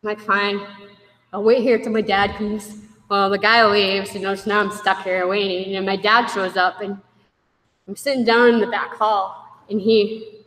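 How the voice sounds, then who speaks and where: A woman shares her own story with a group in a candid, wry way, briefly taking on the voices of the people in it. Her voice sits at a middle pitch. The sound carries the long echo of a big hall. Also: level tone, normal speed, a bit bright. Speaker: speaker sharing a recovery story. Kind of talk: personal testimony to a group. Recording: echoey hall.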